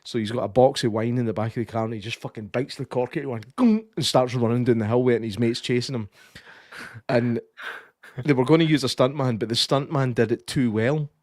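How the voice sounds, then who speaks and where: A young Scottish man co-hosting a podcast, chatting casually about a film, sweary and animated, often slipping into impressions. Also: medium pitch, brisk, no echo. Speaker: podcast co-host. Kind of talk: casual film review chat.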